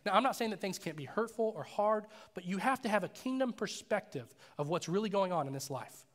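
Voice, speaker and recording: A pastor preaching a sermon in a loose, casual way, telling stories and acting out voices in them. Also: male voice, high voice, brisk, in a large hall. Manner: casual, animated storytelling with acted voices. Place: church sanctuary.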